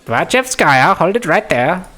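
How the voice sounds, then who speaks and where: Bossy camp-leader lady in a put-on Indian accent, played by a man in a higher voice. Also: big pitch swings, a little slow, bright, forceful tone, heavily acted. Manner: bossy, scolding. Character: strict woman camp leader.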